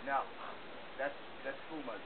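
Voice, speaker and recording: A man telling a mock-heroic tall tale for a contest, in a deadpan, boastful way. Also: mid-range voice, measured pace, crowd noise. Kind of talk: mock-heroic storytelling performance. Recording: tinny lo-fi camcorder audio with hiss.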